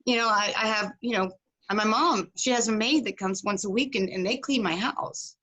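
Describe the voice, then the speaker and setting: A woman's voice: mid-range voice, normal speed. A middle-aged woman telling a story as a podcast guest, acting out the people she quotes. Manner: animated, acts out quoted voices. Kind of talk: casual storytelling.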